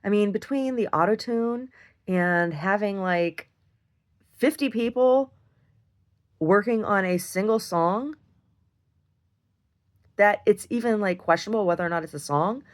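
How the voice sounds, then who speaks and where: A woman, probably in her thirties or older, telling a frank, animated story in a casual video diary, full of "like" and "right?". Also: medium pitch, measured pace, pauses often. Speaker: video diarist. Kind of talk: casual monologue.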